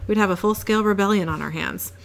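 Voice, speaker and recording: A smug, scheming male angel, glib and mocking, unhurried delivery, mid-pitched voice, read plainly by a woman. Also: gravelly, natural voice.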